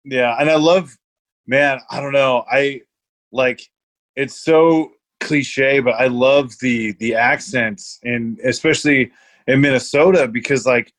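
A man's voice: medium pitch, slow pace, fairly bright tone. A young man in casual chat, rambling through a story with lots of swearing and laughter.

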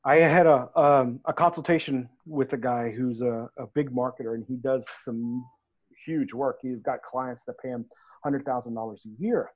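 Man, casual podcast talk, coach, animated storyteller, mid pitch. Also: normal speed, lo-fi sound.

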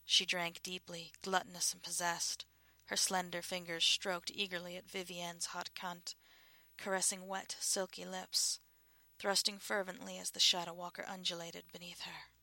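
Hushed, breathy woman narrator. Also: fairly low pitch, little pitch movement, moderate pace, no room sound. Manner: hushed, breathy, often half-whispered. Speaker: audiobook narrator. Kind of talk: scripted narration.

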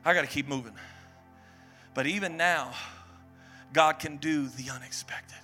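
A man preaching a passionate sermon in a church, swinging from hushed tones to shouted, repeated refrains. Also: on the high side, measured pace, soft background music. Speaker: pastor. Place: church sanctuary.

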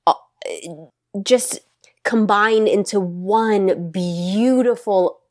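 A woman hosting a podcast, chatting casually and teasing her guest. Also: mid-range voice. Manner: teasing and quick to laugh. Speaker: podcast host.

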